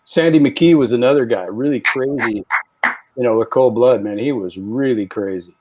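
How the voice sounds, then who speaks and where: Casting: relaxed guest drummer, chatty storyteller, mid-range voice. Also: male voice, medium pitch, normal speed, background noise. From San Francisco Bay Area. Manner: storytelling, relaxed, lots of "you know". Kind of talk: casual panel chat.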